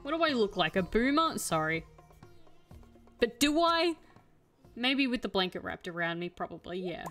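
A woman's voice: medium pitch, very animated, normal speed, pauses often, a bit bright, soft background music. A young woman chatting casually while streaming a game, telling an exasperated story. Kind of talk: casual gameplay chat.

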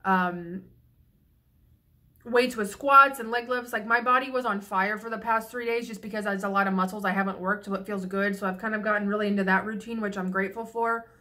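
Bright-voiced young woman venting profanely. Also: medium pitch, steady tone, fairly quick. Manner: frank and profane, rambling with restarts. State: slightly tipsy. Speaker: vlogger. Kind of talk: casual venting monologue.

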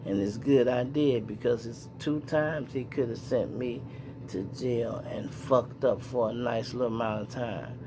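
This middle-aged Chicagoan speaks in a mid-range voice, a little slowly, with background noise behind him. Using plenty of slang and his Chicago accent, he spins street stories for viewers, animatedly performing the sounds and voices.

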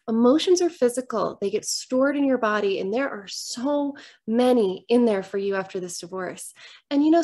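A middle-aged woman speaks straight to the camera in an earnest, reflective way, her voice sitting a little high. She comes across as a coach sharing a personal moment, unhurried and gentle. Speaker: divorce coach. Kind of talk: candid talk to camera. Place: home room with books.

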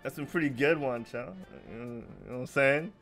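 A man hosting a casual geek podcast, laid-back and quick to laugh. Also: medium pitch, a bit bright, faint music behind. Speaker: podcast host. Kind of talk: casual chat.

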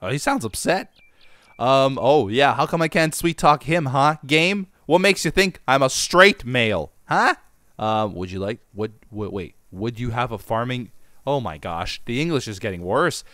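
A man riffs on a game he is playing, joking with his viewers in a playful, bouncy voice. His pitch jumps around a lot, and the sound is dry and close. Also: lively intonation, normal speed, sharp tone, dry recording. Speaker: gaming channel host. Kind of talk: casual gameplay commentary.

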